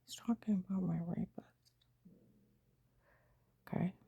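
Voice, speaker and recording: A woman telling a personal story to camera in an agitated, emphatic way, often dropping into a breathy half-whisper. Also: lowish voice, fairly even intonation, measured pace, dry recording, phone-quality sound. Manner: agitated, emphatic retelling with quoted dialogue.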